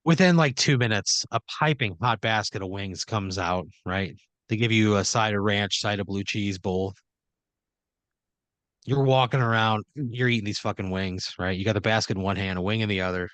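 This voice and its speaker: A man's voice: on the low side, normal speed, fairly bright tone, dry recording. A man hosting a comedy podcast, telling an improvised story in a rambling way full of "like" and "you know". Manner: rambling, filler-heavy scene-setting with acted-out quotes. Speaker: podcast host.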